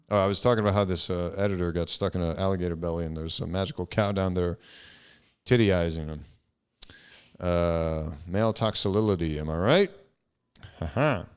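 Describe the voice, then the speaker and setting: A young man talks alone into the mic for his podcast, drifting from one thought to the next with plenty of swearing and filler words. His voice sits low for a man. It has a smooth, resonant tone. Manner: rambling, profane, frequent fillers. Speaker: podcast host. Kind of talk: casual solo podcast monologue.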